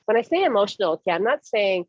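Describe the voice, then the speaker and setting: Woman medium, lively and chatty, lo-fi dry recording. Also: medium pitch, quick pace, breathy edge, no echo. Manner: animated, acts out voices, laughs often. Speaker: medium giving readings. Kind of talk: casual reading over a call.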